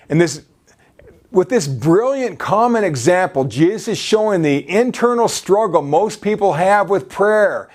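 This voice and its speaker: A man's voice: sits high, lively intonation, unhurried, darkish tone. A male preacher delivering a sermon, peppering his talk with "you see" and frequent restarts.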